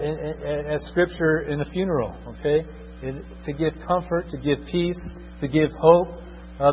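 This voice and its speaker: A man's voice: on the high side, a little hiss or hum. A man preaching a sermon as a pastor, emphatic, often checking in with the congregation. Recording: dull echoing hall recording.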